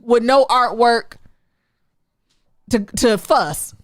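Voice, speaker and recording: A woman co-hosting a podcast, chatting casually about TV shows, animated and laughing often with quick asides. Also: fairly high pitch, no room sound. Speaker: podcast co-host.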